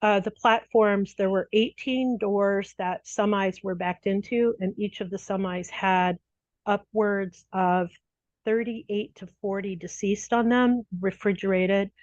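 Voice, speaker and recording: A woman in a conversational interview, telling stories with animated energy, laughing often and restarting her sentences as she goes. Her voice sits in a middling pitch. The recording is dull and slightly lo-fi, with a close, dry sound. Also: measured pace, no room sound. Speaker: disaster mental health responder.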